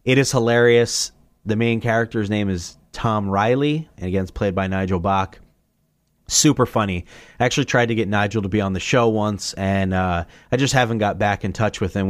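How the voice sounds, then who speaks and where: Man, podcast host, lowish voice, casual rambling movie review, profane jokey asides, dry close sound. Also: no echo. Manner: rambling, profane and jokey, often breaking into excited, higher-pitched asides.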